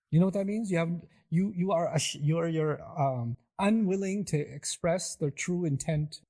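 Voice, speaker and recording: A man's voice: fairly high pitch, moderate pace, hardly any pauses, mellow. A middle-aged man giving a sermon, asking the audience rhetorical questions and acting out quoted voices. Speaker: preacher.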